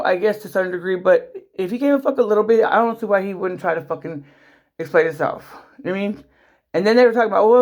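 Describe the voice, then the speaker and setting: A middle-aged woman vlogging an emotional personal story, rambling and swearing, with many restarts and a voice that jumps up high when she is upset. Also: a little mellow.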